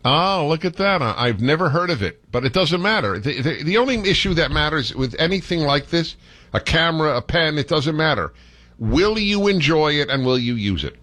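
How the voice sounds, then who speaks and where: A man's voice: a little high, big pitch swings, normal speed, pushed and bright, dry recording. Opinionated male radio host. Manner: emphatic, opinionated, mock-dramatic. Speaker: radio talk show host. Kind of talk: call-in radio talk.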